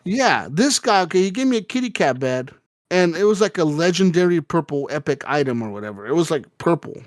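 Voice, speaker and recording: A man co-hosting a gaming podcast, telling a rambling, profane story in casual chat and acting out quotes with sudden jumps in pitch. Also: very animated, a little fast, no echo, studio quality. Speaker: podcast co-host.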